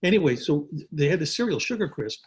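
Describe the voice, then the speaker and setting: Older man, husky voice, interview guest, repeats himself, video call from home. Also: fairly high pitch, big pitch swings, quick pace, low-quality recording. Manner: rambling, repeats words, restarts often. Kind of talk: casual storytelling interview.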